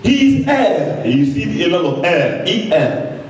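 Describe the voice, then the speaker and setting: Excitable man preaching in an echoey church. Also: unhurried. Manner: excitable, swings between booming shouts and low asides, laughs often. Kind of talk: sermon. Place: church sanctuary. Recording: very echoey, from far off the mic.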